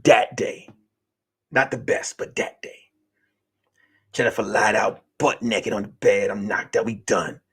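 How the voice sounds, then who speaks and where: A male comedian and podcast host telling a wild story, acting out the people in it and swinging from hushed lines to shouting. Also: fairly low pitch, fairly even intonation, measured pace, pauses often, slightly rough.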